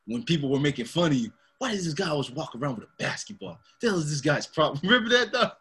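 A man's voice: on the high side, lively intonation, quick pace, a bit bright, husky. A young man co-hosting a podcast in casual chat, laid-back, laughing often and calling his friend man and dog. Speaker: podcast co-host.

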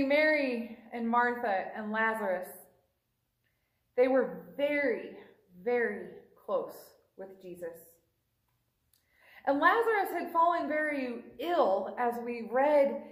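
A woman's voice: sits high, roomy sound, low-quality recording. A woman preacher giving a sermon, retelling a scripture story in a conversational way and briefly acting out the quoted lines. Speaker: pastor.

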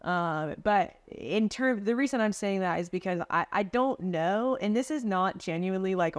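A young woman talks casually about her sales career in a middle-pitched, conversational voice. She fills her speech with "like" and "dude" and slips into quick impressions of the people she describes. The sound is close and dry, as if she is on a video call. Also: animated, smooth, no room sound. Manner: chatty, lots of "like" and "dude", acts out quotes. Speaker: podcast guest, remote sales closer. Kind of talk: casual interview storytelling.

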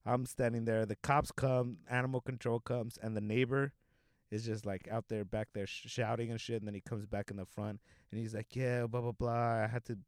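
A man's voice: on the low side, little pitch movement, a little fast, dry recording, studio quality. A young man from Southern California telling a rambling, profanity-laced story in casual chat, full of fillers like "like" and "you know.".

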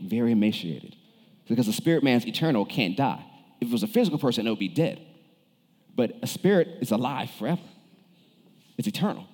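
A man's voice: mid-range voice, dark tone, big-room sound. A male pastor preaching a sermon, turning to the congregation with questions and cues. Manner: preaches with shifting emphasis, calls on the congregation.

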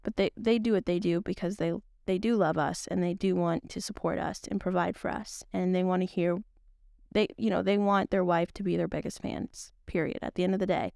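A woman's voice: on the low side, fairly even intonation, brisk, gravelly, a little mellow, no echo, studio quality. A young woman hosting a podcast, talking in a casual, earnest, rambling way with many restarts. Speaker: podcast host. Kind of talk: casual faith talk.

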